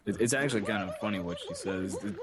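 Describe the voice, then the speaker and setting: A man's voice: low-pitched, quick pace, a crowd in the background. A man co-hosting a casual comedy podcast, tossing in dry jokey asides. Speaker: podcast co-host.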